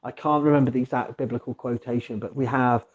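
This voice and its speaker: A man hosting a casual conversation about the past, talking in rambling, digressive stretches with animated asides. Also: medium pitch, quick pace, muffled recording. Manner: mock voices for quoted figures. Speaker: archaeologist podcast host.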